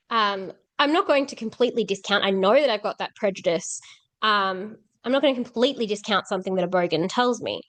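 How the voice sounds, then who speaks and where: A young woman teaching philosophy, reading passages aloud and then explaining them in a casual way with lots of fillers. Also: medium pitch. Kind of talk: explaining a philosophy text to students.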